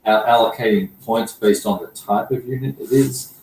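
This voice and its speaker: A man with a fairly low voice plays a tabletop wargame with a friend, working through the rules aloud with halting pauses and fillers. He sounds like he is in an echoey room, with a faint hiss of background noise behind him. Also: gravelly, a little mellow. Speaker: board game player, co-host. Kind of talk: casual chat over a wargame.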